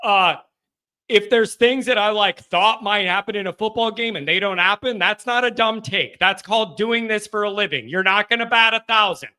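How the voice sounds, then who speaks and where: A man's voice: sits high, normal speed, pushed and bright, smooth. A man hosting a live call-in sports talk show, blunt and combative as he answers viewers. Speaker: show host.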